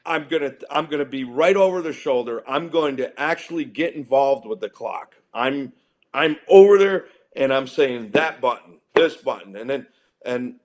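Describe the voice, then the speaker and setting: Middle-aged male guest, animated raconteur, mid-pitched, lots of restarts. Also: moderate pace. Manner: excitable, acts out quotes with restarts. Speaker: wrestling event organizer guest. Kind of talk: animated storytelling in a podcast interview.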